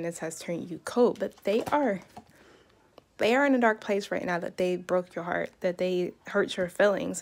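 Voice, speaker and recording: A woman giving a casual, chatty tarot reading, emphatic and animated as she talks through the cards. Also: medium pitch. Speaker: tarot reader.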